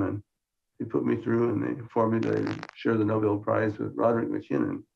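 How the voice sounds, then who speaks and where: An older man from Minnesota delivers a conference science lecture with slides, his humor dry and understated as he keeps restarting phrases. His voice is on the low side, level in tone, creaky, and fairly quick. The recording is muffled and lo-fi.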